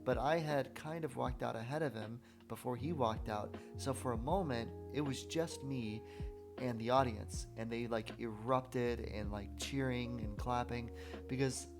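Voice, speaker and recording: Gravelly-voiced man hosting a casual chat. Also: mid-range voice, unhurried, over music. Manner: relaxed, storytelling, chatty. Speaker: podcast host. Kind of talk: casual conversational interview.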